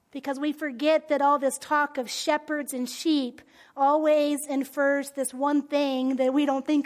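A woman giving a conversational sermon in an animated way, often dropping to a soft near-whisper. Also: high voice. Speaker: speaker.

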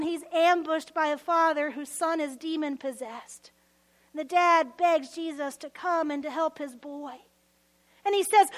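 High-voiced woman preaching slowly. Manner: earnest, rises to emotional emphasis and drops to soft near-whispers. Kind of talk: sermon.

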